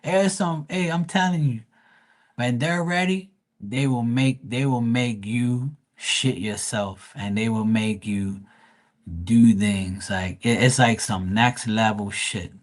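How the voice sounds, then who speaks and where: A man's voice: medium pitch, slow. Profane, rambling man telling a story. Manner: loose, profane, rambling with many restarts. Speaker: psychic tarot reader on a livestream. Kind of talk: casual storytelling.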